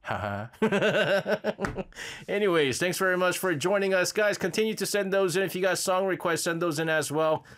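A man's voice: high-pitched, fairly even intonation, brisk, a bit bright, slight background noise. A male radio host in a studio, reading out listener messages in casual, rambling chat and laughing often. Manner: chatty, laughs often, loose with fillers.

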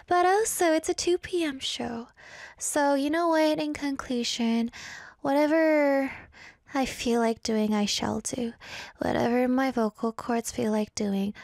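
A woman DJ hosting a radio show, chatting and reading listener comments. Her voice swings between a high register and a low, breathy one. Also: unhurried, darkish tone, no echo, studio quality. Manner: drops into a breathy whisper at times. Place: broadcast studio in South Korea.

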